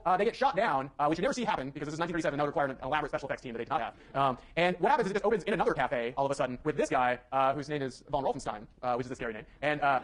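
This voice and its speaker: Male lecturer, rapid casual delivery, slightly high, filler-heavy classroom talk. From United States. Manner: fast, chatty, lots of fillers and asides to students. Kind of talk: university lecture.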